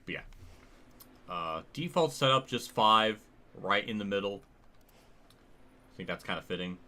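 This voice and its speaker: Guy streaming a racing game, lowish sharp voice, rambles n restarts a lot. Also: expressive, unhurried. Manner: rambling, casual, thinks aloud with frequent restarts; swears casually. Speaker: livestreamer. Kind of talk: live sim-racing gameplay commentary.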